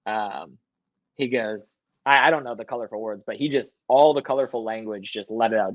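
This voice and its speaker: Young guy on a podcast in a hotel room, tells stories all animated, cusses, kinda dull dry sound. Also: lowish voice, fairly quick, no echo. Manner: animated, swears, acts out quotes. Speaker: podcast guest. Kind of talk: casual storytelling.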